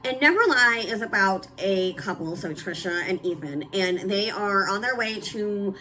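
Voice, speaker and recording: A young woman talks through her recent reads in a casual chat. Her voice is bright and forceful, and she is blunt and emphatic, with plenty of "like" and "um". A faint hiss sits under her voice. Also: medium pitch, expressive, moderate pace, low-quality recording. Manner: blunt, emphatic and candid, with frequent "like" and "um". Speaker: book reviewer. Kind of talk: casual book review chat.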